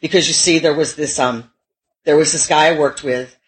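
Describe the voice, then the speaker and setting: A woman's voice: low voice, fairly even intonation, moderate pace, poor audio. A middle-aged woman giving a personal testimony at a recovery meeting, candid and self-mocking, with frequent laughs.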